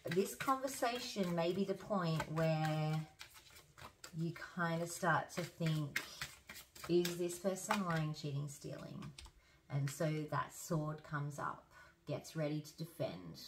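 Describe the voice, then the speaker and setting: Hoarse woman, low voice, noisy recording. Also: slow pace. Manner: chatty, thinks aloud with fillers and restarts. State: hoarse, losing her voice. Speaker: tarot reader. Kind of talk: casual tarot reading.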